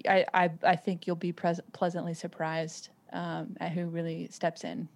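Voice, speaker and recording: A woman's voice: on the low side, little pitch movement, moderate pace. A woman who is a parent and a podcast guest, talking reflectively in casual conversation, with lots of "um" and "like" and frequent restarts. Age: adult with children.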